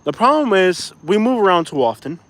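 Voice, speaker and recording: A young man with a fairly high voice rants on a casual live stream, frustrated and venting. He keeps saying "bro" and "like" and apologizes now and then for his swearing. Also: big pitch swings, fairly quick, fairly bright tone, no room sound. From Florida. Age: young adult. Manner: says "bro" and "like" often. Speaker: YouTuber reading live chat.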